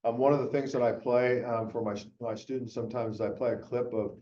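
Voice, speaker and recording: A man's voice: mid-range voice, fairly even intonation, fairly quick, dark tone. A middle-aged man giving a conference keynote in a conversational, rambling way with many fillers and restarts. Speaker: keynote speaker. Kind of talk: conference talk. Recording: echoey, muffled room recording from a distance.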